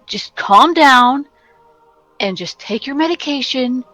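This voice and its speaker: A flustered former nurse, anxious and soothing at once, talking in hurried, broken phrases, as a woman game master puts her on. The voice sits slightly above the speaker's normal pitch. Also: lively intonation, bright, forceful tone, no room sound, faint music behind, full character voice, poor audio.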